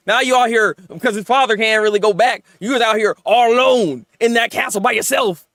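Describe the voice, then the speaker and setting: Animated high-voiced man reviewing anime. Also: brisk, no echo, studio quality. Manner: animated, rambling, laughs often, stammers, acts out characters. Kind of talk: casual excited anime review chat.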